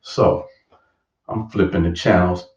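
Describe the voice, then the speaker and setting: A man casually telling a personal story, lively, acting out his younger self in a raised voice. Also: sits low, slow pace. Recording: roomy, distant, dull lo-fi sound.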